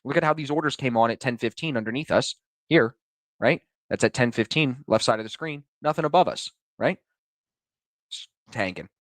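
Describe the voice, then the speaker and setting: A man's voice: medium pitch, moderate pace, no room sound. A man hosting a live day-trading stream, talking casually and joking, swearing freely as he reads the market.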